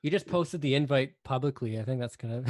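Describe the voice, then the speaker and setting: A man's voice: mid-range voice, a little fast, darkish tone. Laid-back male guest, average voice, chuckles a lot. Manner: laughing, easygoing. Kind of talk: casual live chat.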